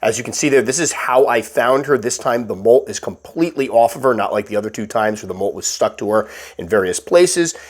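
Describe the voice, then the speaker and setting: A man with a slightly stuffy voice, calmly narrating a casual update about caring for his pet tarantula. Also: medium pitch, fairly quick. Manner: calm, explanatory, patient. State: stuffy, recovering from illness. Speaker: tarantula keeper and channel host.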